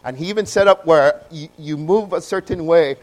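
A man from Hawaii, telling his own story in a sermon and swinging between loud bursts and hushed passages. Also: fairly high pitch, normal speed, low-quality recording.

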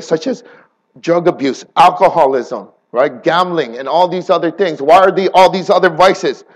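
A man preaching a sermon, swinging between hushed and impassioned and asking the audience rhetorical questions. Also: high-pitched, rough recording.

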